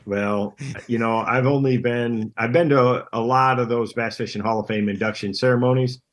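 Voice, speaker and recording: A middle-aged man, talking as a podcast guest in a relaxed, plain-spoken way. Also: medium pitch, moderate pace. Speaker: guest, pro angler. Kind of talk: casual interview chat.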